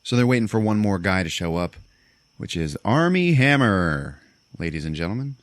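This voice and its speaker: Deep-voiced man recapping a movie. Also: normal speed, no echo. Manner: animated storyteller, swears, laughs often. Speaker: podcast host. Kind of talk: casual movie recap chat.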